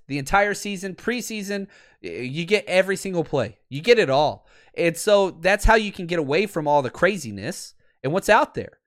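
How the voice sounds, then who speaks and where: Animated man hosting a football livestream. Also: fairly high pitch. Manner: animated, chatty, laughs often. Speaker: podcast host; teacher and football coach. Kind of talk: casual livestream chat.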